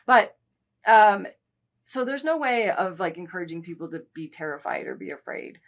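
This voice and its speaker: A woman's voice: mid-range voice, animated, normal speed. A woman co-hosting a podcast, chatting casually and candidly, with lots of asides. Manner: candid, talks through stories with frequent asides. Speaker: podcast co-host. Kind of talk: casual chat.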